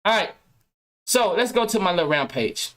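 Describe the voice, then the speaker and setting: A man's voice: high voice, lively intonation, moderate pace, a bit bright. A man hosting his own podcast, ranting casually to viewers with loose slang, heavy cursing and frequent restarts. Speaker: podcast host.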